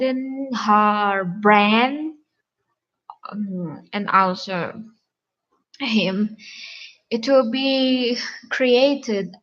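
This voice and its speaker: A woman relationship coach giving earnest advice in a halting, repetitive vlog manner. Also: on the high side, fairly bright tone, highs cut off.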